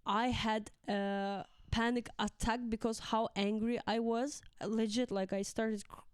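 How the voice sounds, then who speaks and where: Young woman teacher telling class stories as a guest, crisp voice, dry close sound, higher range. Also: little pitch movement, measured pace, dry recording. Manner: chatty, acts out quotes of pupils with laughs. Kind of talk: casual conversation.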